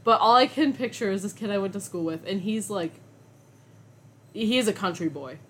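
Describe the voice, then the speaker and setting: A woman's voice: mid-range voice, normal speed, slight background noise. A young woman co-hosting a podcast in casual chat, joking and ranting with bursts of laughter. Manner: giggly, animated, jokey rants. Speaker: podcast co-host.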